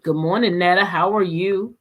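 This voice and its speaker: Chatty woman hosting a livestream. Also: lowish voice. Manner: chatty, laughs often, drawn-out greetings. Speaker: channel host. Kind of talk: casual livestream chat greeting viewers.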